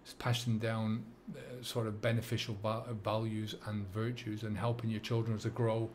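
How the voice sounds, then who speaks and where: A middle-aged man with a Dublin accent, talking to camera as a sobriety coach, earnest and halting with many fillers and restarts. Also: fairly low pitch, little pitch movement, darkish tone, slight background noise. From England and Ireland. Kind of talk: reflective monologue to camera.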